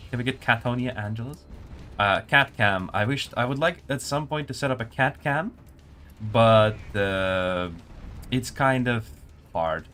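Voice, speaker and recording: A man's voice: mid-range voice, a little slow, a bit bright, slight background noise. A man working as a community manager, casually chatting with viewers and commenting on a match during a live stream. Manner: casual, answers chat while spectating a match.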